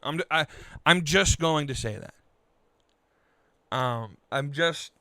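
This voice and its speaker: A man's voice: fairly high pitch, pushed and bright, smooth, dry recording. Frustrated man ranting on a podcast. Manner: frustrated, halting, many restarts. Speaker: podcast host. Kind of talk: political rant.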